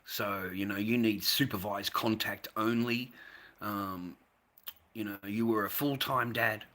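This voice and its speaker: Very bright-voiced sweary Australian man. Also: on the low side, steady tone, a little slow. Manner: sweary, rambling, swings between ranting and weary. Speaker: livestream host. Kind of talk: casual livestream talk to viewers.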